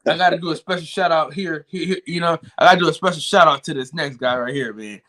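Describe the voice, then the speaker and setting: Male co-host, slightly high, bright voice, loose joking delivery on a live stream. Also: quick pace. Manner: loose, joking banter, repeats himself. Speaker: podcast co-host. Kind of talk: casual live-stream chat.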